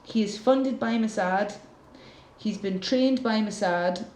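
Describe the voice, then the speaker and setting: A woman's voice: medium pitch, slow, a little mellow. Ranting woman streamer, echoey room. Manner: heated, profane, ranting, reading viewer comments aloud. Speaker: livestream host. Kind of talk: casual livestream rant.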